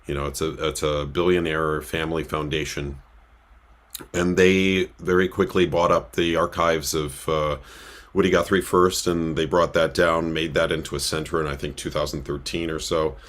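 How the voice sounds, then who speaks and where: Super deep voiced cantor guy rambling thru a story, lots of uhs. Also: little pitch movement, normal speed, a bit bright. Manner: rambling, with many filler sounds. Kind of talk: casual storytelling on a livestream. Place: synagogue.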